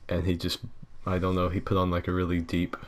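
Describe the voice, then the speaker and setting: A man's voice: sits low, monotone, fairly quick. A man hosting a podcast in casual, crude, joking chat, swearing freely. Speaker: podcast host.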